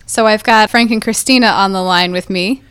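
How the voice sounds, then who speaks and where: A woman's voice: mid-range voice, moderate pace, fairly bright tone, clear, resonant tone. A woman hosting a podcast, playfully running a word quiz with her guests. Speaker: podcast host. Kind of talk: casual chat.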